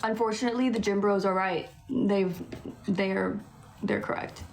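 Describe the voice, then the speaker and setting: A woman's voice: medium pitch, fairly even intonation, normal speed, vocal fry. Chatty young West Coast Canadian woman. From Vancouver, Canada. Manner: chatty, laughs often, fills with "like". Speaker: livestream host. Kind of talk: casual livestream chat answering comments.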